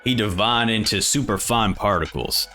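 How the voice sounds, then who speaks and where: A gruff, calculating older male fighter speaks low and grim, put on by a man. He talks in a measured way, weighing every move. Faint music hums behind him. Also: sharp tone.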